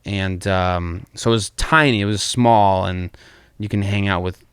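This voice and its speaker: Podcast host, man, low voice, rambling and profane, dry close mic. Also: steady tone, measured pace, clean tone, no echo. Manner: rambling, swears freely, laughs often. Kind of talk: casual chat.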